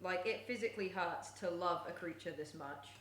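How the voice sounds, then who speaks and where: A young woman live-streaming while she bakes at home, chatting casually and often cooing at her cat in a high sing-song voice. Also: normal speed, a bit bright, a little hiss or hum. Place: home kitchen. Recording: echoey kitchen room sound.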